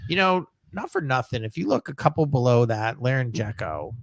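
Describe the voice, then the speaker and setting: A man co-hosting a casual livestream, relaxed and joking. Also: mid-range voice, fairly quick, no room sound, clean studio sound. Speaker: co-host.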